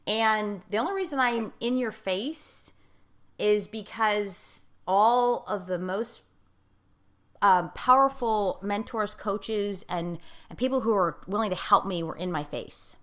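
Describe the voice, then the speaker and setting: A woman's voice: medium pitch, takes it slowly, fairly bright tone. A woman life coach in casual conversation, speaking emphatically and repeating key phrases for stress. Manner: self-described outspoken, in-your-face talker.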